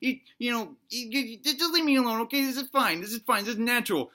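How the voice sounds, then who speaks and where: A fed-up, defensive mom, as a man puts her on, pleading in a raised, bright voice. She is exasperated and touchy in a comic story. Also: very high voice, expressive, fast talker, pitched above the performer's own voice, heavily acted. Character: defensive, fed-up grown mother.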